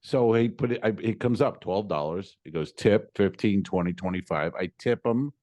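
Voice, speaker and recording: A man with a fairly low voice tells a comedy podcast story in casual chat. He is animated and exasperated, and he voices the other people in his story as he goes. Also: normal speed. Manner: animated storyteller acting out quoted exchanges, exasperated. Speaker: podcast co-host.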